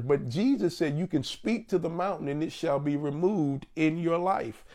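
A man in his fifties preaching a sermon as a guest pastor, with emphatic swings and slow stressed phrases. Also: a little high, a little mellow. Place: church.

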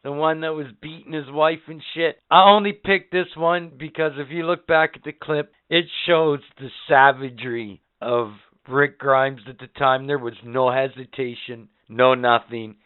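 A man hosting a casual podcast, counting down favorite moments with excited, profane storytelling. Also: medium pitch, moderate pace, hardly any pauses, clear, resonant tone. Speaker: podcast host. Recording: phone-like narrow band.

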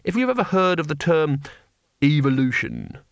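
A man doing a mild, genteel teacher, calm and courteous. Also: a little high, moderate pace, no room sound, clean studio sound. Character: mild polite male former schoolteacher.

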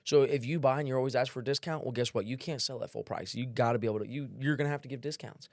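Fast-talking brash man. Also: mid-range voice, a little mellow, no echo, clean studio sound. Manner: brash, profane, storytelling with quoted dialogue. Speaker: podcast guest, sales trainer. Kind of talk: casual podcast chat.

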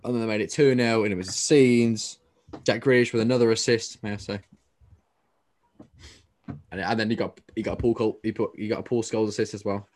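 A man's voice: lowish voice, steady tone, brisk, long pauses, darkish tone. A young man hosting a casual football chat podcast, teasing his co-host and swearing freely.

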